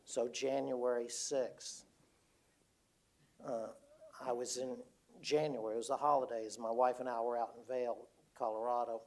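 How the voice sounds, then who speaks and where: An older retired man telling a personal story to an audience, halting and repeating words as he quotes others. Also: medium pitch, darkish tone. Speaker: speaker. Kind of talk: storytelling talk.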